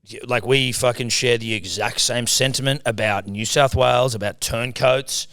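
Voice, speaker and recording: A man's voice: mid-range voice, steady tone, normal speed, creaky, a bit bright, clear, resonant tone, no room sound, clean studio sound. A man with an Australian accent co-hosting a podcast, crude and playful as he riffs with his partner. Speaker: podcast co-host. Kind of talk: casual banter.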